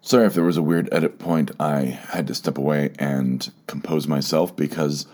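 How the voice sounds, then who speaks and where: A man hosting a personal solo podcast, talking in a halting way with many restarts and repeated words, emotional and close to tears. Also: a bass voice, steady tone, a little mellow. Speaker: podcast host.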